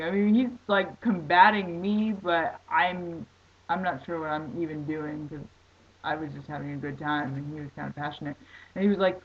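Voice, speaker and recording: A woman telling a story casually on her vlog, excitable and rambling, full of "like". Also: on the low side, moderate pace, lo-fi sound. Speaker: vlogger.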